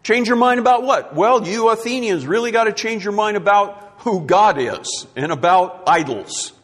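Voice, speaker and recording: A man's voice: sits high, animated, normal speed, big-room sound. A man preaching a sermon, emphatic and repeating his key words for effect.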